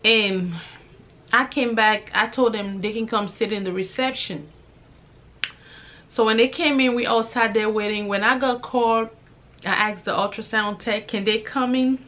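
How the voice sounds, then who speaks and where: A young woman vlogger telling a personal faith testimony in a lively, conversational way, acting out both sides of the conversations she recounts. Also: on the high side, a little slow. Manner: religious, praises God while telling. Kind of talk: personal storytelling.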